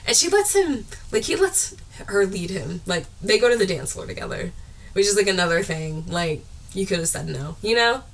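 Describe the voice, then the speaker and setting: A young woman co-hosting a casual podcast, recapping a movie scene by scene and acting out the characters in quick put-on voices. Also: mid-range voice. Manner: animated, acts out characters in quick put-on voices, laughs often. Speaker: podcast co-host. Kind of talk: casual chat recapping a film.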